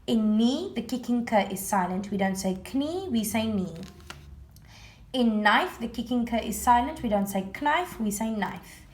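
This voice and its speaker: A woman primary school teacher with a higher-pitched voice records a home-learning lesson at normal speed. She patiently explains words one at a time, repeating each, in a room with noticeable echo.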